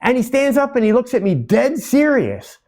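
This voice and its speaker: A middle-aged man hosting a live podcast Q&A, talking in an energetic, loud, animated way and telling stories. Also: extremely high pitch, normal speed. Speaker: podcast host.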